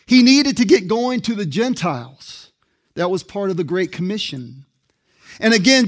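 High-voiced preaching man. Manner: conversational preaching with rhetorical questions. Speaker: pastor. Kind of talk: sermon.

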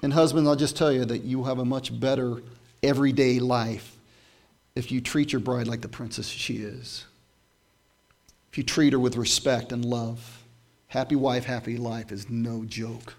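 A man's voice: medium pitch, steady tone, normal speed, a little mellow. A man preaching a conversational sermon, moving between casual storytelling and emphatic scripture reading. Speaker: pastor.

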